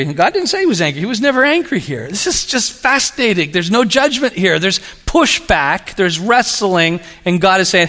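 A man preaching a sermon, telling stories in an animated, humorous way. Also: sits high, normal speed, hardly any pauses. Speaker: pastor. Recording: long reverb of a large hall.

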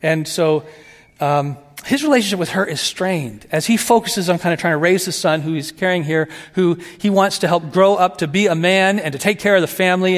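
A man preaching a sermon, animated, moving between excited asides and soft, hushed emphasis. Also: a little high, in a large hall. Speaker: pastor.

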